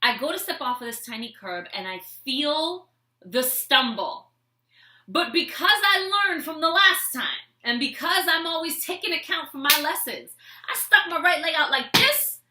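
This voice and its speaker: A woman vlogger telling a comic personal story with a life lesson, animated and expressive as she acts out scenes. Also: sits high, unhurried. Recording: echoey room.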